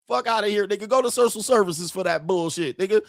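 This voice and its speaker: A middle-aged man rants as the host of his own online show, crude and full of swagger. His voice sits high for a man and sounds dry, with no room around it. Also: creaky, no room sound. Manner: brash, profane and boastful, laughs at his own jokes. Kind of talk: ranting commentary.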